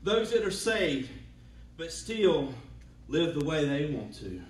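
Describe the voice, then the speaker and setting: A man, preaching a sermon as pastor, humming between lines and building to shouts. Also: on the high side, sing-song, slow, echoey room, distant mic, low-quality recording. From Georgia, US. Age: 40s. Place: church sanctuary.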